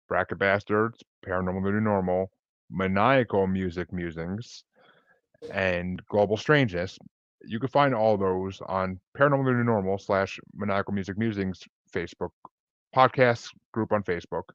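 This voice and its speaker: A man's voice: low voice, no room sound, dull audio. A man talking as a podcast guest in a laid-back, chatty, rambling way over a video call. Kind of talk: casual interview chat.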